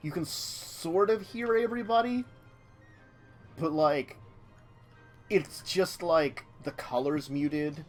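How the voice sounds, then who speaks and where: A man's voice: on the high side, takes it slowly, long pauses, soft background music. A man running a tabletop game as game master, narrating loosely and filling his talk with "like". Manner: rambling, many "like" fillers.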